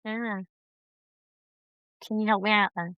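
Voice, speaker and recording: A woman's voice: medium pitch, steady tone, slow, clean tone, dry recording, dull audio. A woman hosting a casual late-night podcast chat from her bedroom, talking in a chatty, teasing, light-hearted way. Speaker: podcast host.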